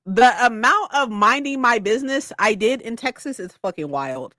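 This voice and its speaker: A young woman from California chatting casually on a livestream between reading sprints, animated, swearing often and laughing a lot. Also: a little high, moderate pace, hardly any pauses, no echo, clean studio sound. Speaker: streamer hosting reading sprints.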